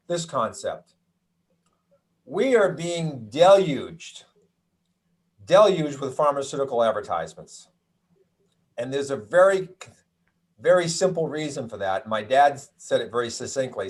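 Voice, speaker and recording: A middle-aged man from the United States, a doctor giving a presentation from slides, chatty with wry asides and frequent restarts. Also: mid-range voice. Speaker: doctor giving a health talk.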